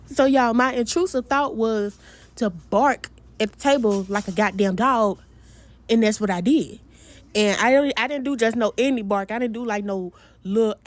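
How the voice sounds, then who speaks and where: A woman telling a dating story to her viewers in a casual storytime vlog, animated and laughing as she talks straight to them. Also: on the high side, moderate pace.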